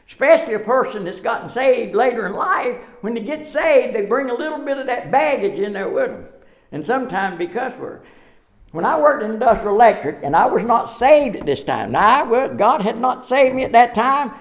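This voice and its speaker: High, lively preacher. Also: male voice, moderate pace. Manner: folksy storytelling with frequent laughter. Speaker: pastor. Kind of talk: sermon.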